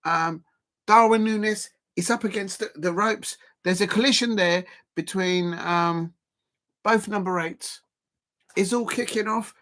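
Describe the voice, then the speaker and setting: A man hosting a live football watch-along stream, rambling and excitable, full of fillers and repeats. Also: high-pitched, measured pace.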